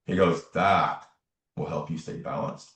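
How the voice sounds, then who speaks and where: Interview guest: very low-voiced man, earnest storyteller, recorded in an echoey room away from the mic. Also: steady tone, a little slow, fairly bright tone. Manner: earnest, repetitive, emphatic phrasing. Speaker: guest, tarot reader and spiritual medium. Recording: roomy echo, distant from the mic.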